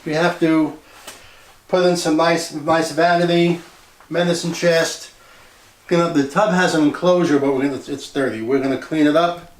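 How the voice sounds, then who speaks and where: Here the investor's voice is a little high, his intonation fairly even, and his speed normal. He strolls through his renovation project indoors, offering a relaxed, straightforward tour while thinking out loud, with the vacant rooms giving off an echo.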